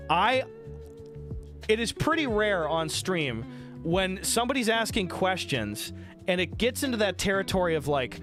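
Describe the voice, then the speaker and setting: A man's voice: sits high, unhurried. A man streaming, telling stories to his chat in a loose, profane, laughing way. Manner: animated, profane, laughing storyteller. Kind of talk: casual storytelling to chat. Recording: music playing behind the voice.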